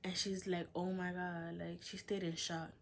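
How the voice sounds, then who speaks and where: A woman's voice: on the low side, little pitch movement, moderate pace. A young woman vlogger telling a personal story in a casual, chatty way, filling her talk with "like" and acting out what others said. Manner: chatty, lots of "like", quotes others in dialogue.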